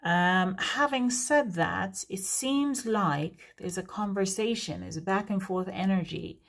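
A woman's voice: medium pitch, a little slow. Chatty, rambling woman reader. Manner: chatty, rambling, prone to laughing digressions. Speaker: tarot reader. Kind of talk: casual unscripted reading to camera.

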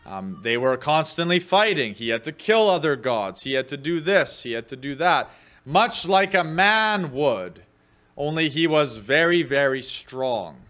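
A man's voice: a little high, very animated, a little slow, fairly bright tone. A man preaching a midweek sermon as pastor, teaching in a conversational way with fillers, and lifting his voice when he reads quoted scripture. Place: church.

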